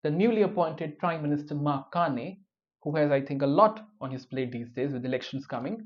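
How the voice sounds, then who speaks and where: A man's voice: fairly high pitch, a little fast. A man giving news commentary, dropping wry, opinionated personal asides between the reports. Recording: dull lo-fi recording.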